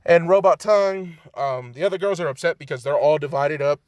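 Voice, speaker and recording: A man's voice: a little high, fairly quick, no room sound, studio quality. A young man in his twenties casually rambling through a fan story retelling, profane and loose, full of fillers, at home by a cracked window.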